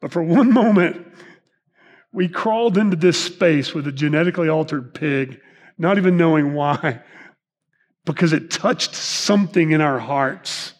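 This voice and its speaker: A male pastor with a high voice gives a sermon in a church sanctuary, where his words ring out in a long reverb. He talks to the congregation in a chatty way, joking and asking them questions. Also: measured pace. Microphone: microphone. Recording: reverberant hall.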